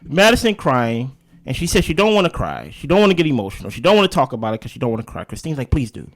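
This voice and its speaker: A man's voice: mid-range voice, very animated, quick pace. A man co-hosting a TV recap show, arguing his points animatedly and repeating them for emphasis. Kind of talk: casual reaction chat.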